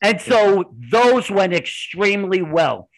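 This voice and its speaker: A man being interviewed on a podcast, telling his stories animatedly in quick bursts with restarts. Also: sits high, expressive, low-quality recording. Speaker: podcast guest. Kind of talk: conversational interview storytelling.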